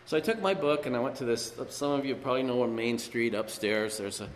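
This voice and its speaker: A man tells his recovery story to a meeting in a loose, rambling way, filling gaps with "you know". His mid-pitched voice carries a long echo through the hall, with faint room noise behind. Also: brisk. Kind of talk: personal recovery testimony. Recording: echoey hall with long reverb.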